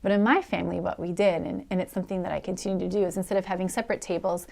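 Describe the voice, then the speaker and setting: Middle-aged woman pastor, gravelly texture, conversational storytelling sermon. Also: fairly low pitch, rapid-fire. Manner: conversational storytelling with animated quoted voices. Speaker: executive pastor.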